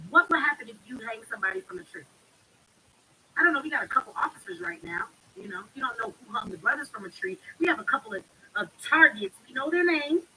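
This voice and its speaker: A woman's voice: high-pitched, bright, forceful tone, slightly rough, low-quality recording. A woman hosting a live stream, talking bluntly and emphatically in a heated monologue. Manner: blunt, emphatic, speaks with heavy profanity.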